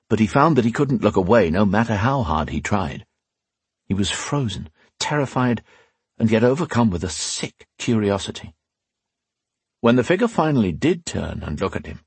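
A man narrating a fantasy audiobook in a dramatic, expressive storytelling manner. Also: lowish voice, slightly rough, no room sound.

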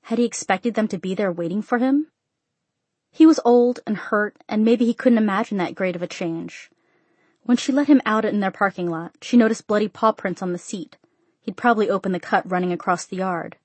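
A woman narrating a short story in an even, measured audiobook reading. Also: mid-range voice, breathy edge, no room sound.

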